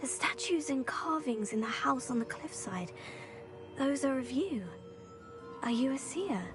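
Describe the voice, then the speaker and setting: A woman's voice: sits high, expressive, unhurried. An actress voicing a polite, earnest young female student in a video game. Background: game music.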